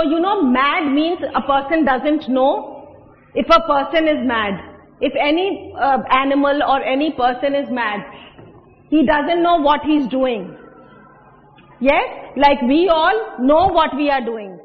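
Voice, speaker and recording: High-voiced Indian woman teaching a class. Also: lively intonation. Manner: explains words slowly, mixes in Hindi, asks pupils questions. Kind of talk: classroom English lesson. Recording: dull echoey classroom recording.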